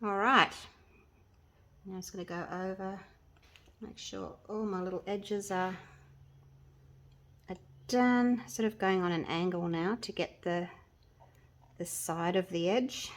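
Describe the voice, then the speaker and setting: A woman hosts a casual resin craft tutorial vlog from her home workspace, chatting to viewers as she works and often trailing off and restarting her sentences. Her voice has a medium pitch and a fairly bright tone, with a measured pace and long pauses.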